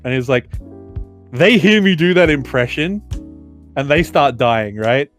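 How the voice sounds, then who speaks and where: A young Australian man, a podcast co-host, telling work stories casually, animated and swearing, full of fillers. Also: medium pitch, a little slow, faint music behind. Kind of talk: casual storytelling.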